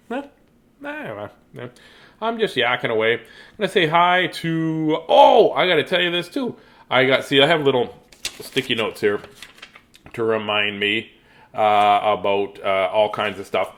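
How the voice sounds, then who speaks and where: This children's storybook reader, a middle-aged man, speaks in the mid range at normal speed, very animated and slightly bright. On a relaxed live stream he chats, jokes, wanders off topic, calls out young viewers by name and reads a story aloud.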